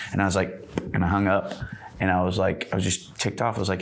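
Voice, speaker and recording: Man, Texan accent, very deep voice, gravelly, rambling storyteller. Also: flat delivery, fast talker. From Texas. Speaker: guest, singer-songwriter. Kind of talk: casual podcast conversation.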